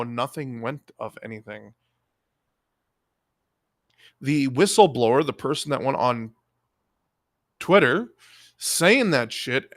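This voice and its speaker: A man's voice: fairly high pitch, a bit bright, no room sound, clean studio sound. A man ranting on a live stream, angry and profane, scolding his audience.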